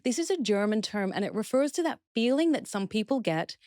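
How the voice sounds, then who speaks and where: A woman's voice: a little high, expressive, brisk, warm tone, dry recording, clean studio sound. A woman speaking as a guest expert in a podcast interview, explaining steps earnestly and acting out example phrases.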